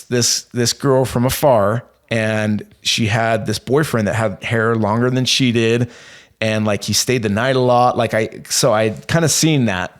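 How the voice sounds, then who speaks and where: A man in his thirties telling a long personal story as a podcast guest, rambling and animated, with many fillers and restarts. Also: mid-range voice. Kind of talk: casual storytelling.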